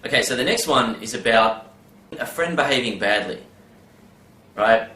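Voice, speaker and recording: A man's voice: mid-range voice, expressive, normal speed, bright, forceful tone. A man giving a casual advice monologue, rambling with many fillers and tag questions. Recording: roomy with faint background ambience.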